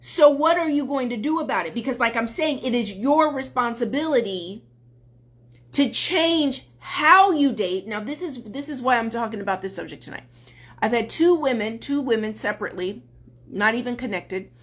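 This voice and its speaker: A woman's voice: on the high side, animated, normal speed. A woman dating coach talking on a live stream, earnest and emphatic, greeting viewers as they join.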